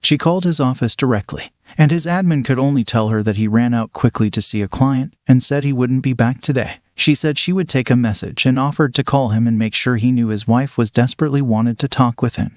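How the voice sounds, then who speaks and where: A man narrating a scripted story in a steady, even way. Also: medium pitch, a little fast, few pauses, no room sound, studio quality.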